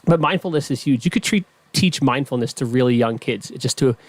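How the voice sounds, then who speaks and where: A man's voice: medium pitch, animated, fairly quick, dry recording. A man hosting a podcast, chatting casually and explaining ideas to the audience in a conversational way. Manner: conversational, explaining, reassuring asides. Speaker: podcast host. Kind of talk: casual interview chat.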